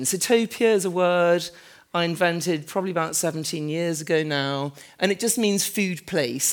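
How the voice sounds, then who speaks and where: A woman architect and author giving a live, conversational lecture in a large converted warehouse, chatty and self-deprecating with frequent "um"s and asides. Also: sits low. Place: large former fruit warehouse event space.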